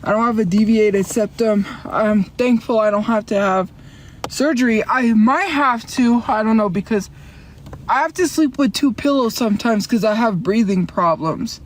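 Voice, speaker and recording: A woman livestreaming from inside a car, chatting in a rambling, defensive way and answering her chat with quick laughs. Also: on the high side, a little hiss or hum.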